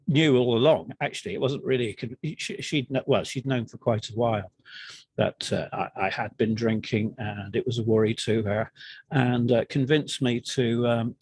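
A middle-aged man, frankly and haltingly telling his own recovery story as a guest in an interview. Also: medium pitch, darkish tone, breathy edge, no room sound. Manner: frank, halting and self-deprecating. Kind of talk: candid personal storytelling.

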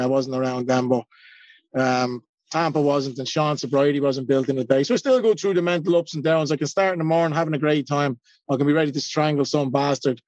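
A man's voice: on the high side, a little mellow, no echo, dull audio. An Irish man in his forties giving a blunt, self-mocking personal share at a recovery meeting, swearing freely. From Ireland. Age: 40s.

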